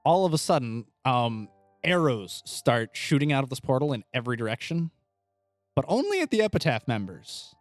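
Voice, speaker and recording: Relaxed male game master, dry sound. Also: mid-range voice, no echo, soft background music. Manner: easygoing, with frequent filler pauses. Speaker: game master and podcast host. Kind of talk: narrating a tabletop game podcast.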